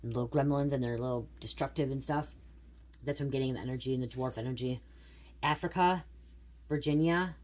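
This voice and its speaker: A woman's voice: a bass voice, fairly even intonation, racing, mellow. A middle-aged woman doing a casual spiritual card reading, musing aloud and repeating words as they come to her. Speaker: tarot reader.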